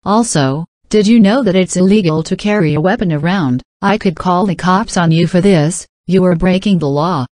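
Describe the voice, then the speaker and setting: A woman's voice: fairly low pitch, moderate pace, hardly any pauses, darkish tone, no room sound, natural voice. A woman playing an entitled, pushy middle-aged woman who talks in an indignant, demanding, scolding way.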